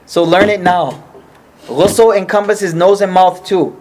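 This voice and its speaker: Male teacher, high voice, patient explainer who keeps checking in with the class; faint hiss under the track. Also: darkish tone. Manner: explains patiently, checks the group often, slows for key points. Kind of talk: informal religious study class.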